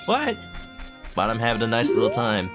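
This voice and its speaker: Young male streamer, goofy and chatty, very lively pitch, game music behind. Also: moderate pace. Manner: goofy, chatty, breaks into voices. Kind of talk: casual let's-play commentary.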